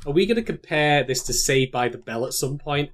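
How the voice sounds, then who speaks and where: A man co-hosting a casual podcast, teasing his partner with quick-witted banter. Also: fairly high pitch, animated, fairly bright tone, a little hiss or hum. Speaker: podcast co-host. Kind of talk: casual anime discussion chat.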